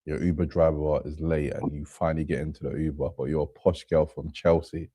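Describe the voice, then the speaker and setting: A man's voice: rumbling low, level tone, fairly quick, dark tone, husky, dry recording, studio quality. A man in casual chat as co-host, agreeable and laughing often.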